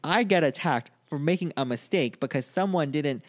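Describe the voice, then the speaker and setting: A man's voice: a little high, normal speed. A young man co-hosting a podcast, telling his side in mock-indignant, teasing casual chat. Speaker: podcast co-host.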